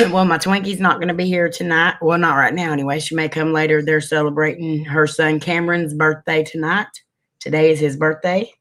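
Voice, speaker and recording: A man's voice: fairly high pitch, level tone, fairly quick, pushed and bright. A man hosting a casual livestream. He chats with viewers, greets them by name and sniffles now and then. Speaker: livestream host.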